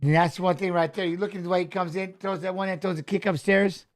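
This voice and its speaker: A middle-aged man hosting a fight watch-along, chatting casually and coaching the fighters aloud with excited calls. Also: high-pitched, quick pace. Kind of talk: casual live fight commentary.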